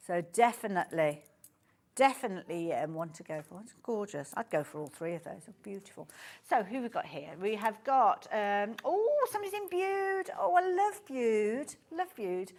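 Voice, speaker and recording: A woman with a Birmingham accent presenting on a live shopping channel, chatty and gushing, often breaking off mid-sentence. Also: a little high. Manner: chatty, gushing, self-interrupting. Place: TV studio.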